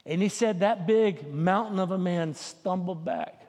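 A man's voice: sits high, a little slow, darkish tone, long reverb tail. A man preaching a sermon as pastor, in a folksy, conversational way. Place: church sanctuary.

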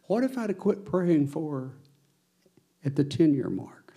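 Earnest preaching man, slightly high voice. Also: expressive, a little slow, long pauses, slightly rough. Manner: earnest preaching, swells louder on exhortations. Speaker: pastor. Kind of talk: sermon.

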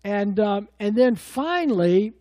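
A middle-aged pastor preaches with a high, mellow voice. He tells stories in a folksy, rambling way, full of fillers and restarts. The sound is close and dry. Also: lively intonation, takes it slowly, dry recording. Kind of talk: sermon.

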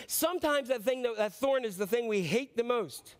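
A man delivering a sermon with a notably high voice. He speaks earnestly, pleading with the listener, lifting his voice for emphasis and then sinking low and quiet. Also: lively intonation, normal speed. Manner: earnest, pleading, rises and drops sharply for emphasis. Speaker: pastor.

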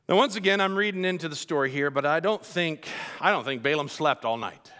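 Bright-voiced preacher telling a lively story. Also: male voice, a little high, a little fast, few pauses. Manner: animated storytelling, folksy asides. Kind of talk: sermon.

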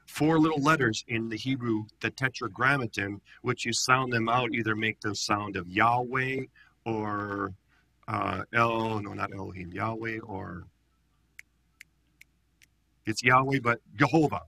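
A male pastor leads a Bible study, animated and conversational, and acts out each quote. His voice is gravelly and bright with a husky edge. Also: medium pitch, moderate pace, dry recording.

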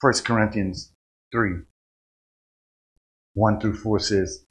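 Preacher guy, kinda high voice, folksy talk, goes quiet then loud. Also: expressive, normal speed, low-quality recording. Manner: folksy, colloquial speech. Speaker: pastor. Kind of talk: sermon. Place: church.

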